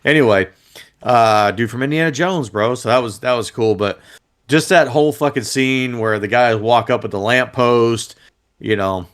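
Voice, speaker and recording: A man's voice: medium pitch, normal speed, a bit bright, clean tone. A man co-hosting a casual movie review podcast, rambling and swearing casually. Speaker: podcast co-host.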